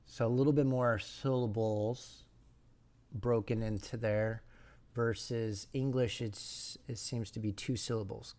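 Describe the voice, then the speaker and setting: A man streaming a language study session, thinking aloud and slowly repeating syllables to practice pronunciation, sometimes dropping to a whisper. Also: mid-range voice, steady tone, darkish tone. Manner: slow, repeats sounds and syllables, drops to a whisper at times.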